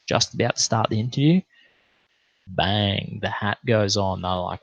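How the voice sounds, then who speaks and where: A low, gravelly voice from a young Australian man who rambles through a late-night livestream, laid-back and swearing freely. The sound is dry and close, with a dull, lo-fi stream quality. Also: steady tone, measured pace, fairly bright tone, dry recording.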